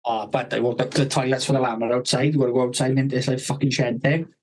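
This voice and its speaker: A man's voice: medium pitch, little pitch movement, fast, a little mellow, low-quality recording. A man telling a rambling story on a podcast, swearing constantly and acting out the people he quotes.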